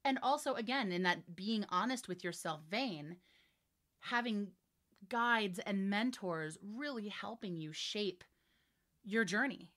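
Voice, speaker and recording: A woman in her forties, a voiceover artist and director, chatting in an interview with lively, emphatic energy and frequent laughs. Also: medium pitch, slow. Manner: animated, laughing, emphatic storytelling. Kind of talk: casual interview chat.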